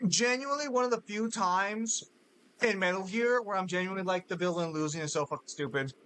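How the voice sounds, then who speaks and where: A man streaming a game, talking in profane, animated banter while mock-arguing with friends. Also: high-pitched, a little fast, slight background noise. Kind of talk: casual gaming banter.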